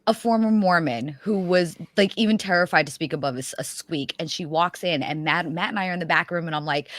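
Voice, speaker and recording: A woman from New York, blunt and profane, telling animated stories in a casual video call chat. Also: on the low side, brisk, hardly any pauses, dry recording.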